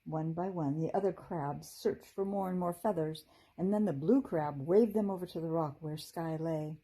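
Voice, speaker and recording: A woman teacher reading a children's chapter book aloud in a gentle, expressive storytelling manner. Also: low voice, normal speed, rough recording.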